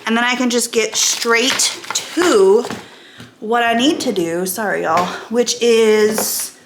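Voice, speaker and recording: Woman vlogger, chatty and breathless, fairly high and unhurried, echoey room. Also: noisy background. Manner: rambling, chatty, self-interrupting. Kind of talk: casual vlog chat. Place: home room.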